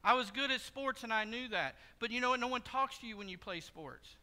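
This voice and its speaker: A pastor giving a sermon in a church, telling stories in a conversational, joking way. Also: male voice, very high voice, lively intonation, brisk, pushed and bright. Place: church sanctuary. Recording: long hall reverb.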